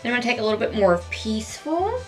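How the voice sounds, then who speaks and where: A woman talking casually at home as she walks through a makeup tutorial step by step, chatty and gushing but gentle. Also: on the high side, very animated, racing, soft background music.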